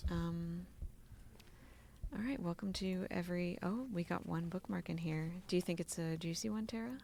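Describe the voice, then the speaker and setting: A woman's voice: lowish voice, moderate pace, vocal fry, dark tone, slight background noise. A woman streamer reading a romance novel aloud to her co-host in an amused way, breaking into laughter now and then.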